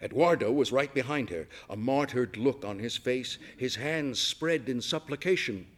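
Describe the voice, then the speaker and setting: A man reading a story aloud in scripted narration, measured and unhurried. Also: mid-range voice, lively intonation. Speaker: audiobook narrator.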